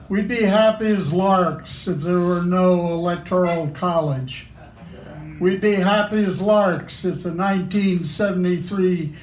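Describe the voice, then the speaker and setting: A man reading his poetry at a cafe open mic, deliberate and wry. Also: on the high side, a little mellow. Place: small cafe. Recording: echoey cafe room.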